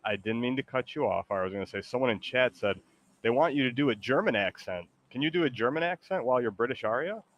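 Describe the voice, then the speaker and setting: A man's voice: medium pitch, animated, fast talker, dull audio. A man streaming a game, chatting casually and hesitantly, often trailing off with fillers. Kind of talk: casual gaming chat.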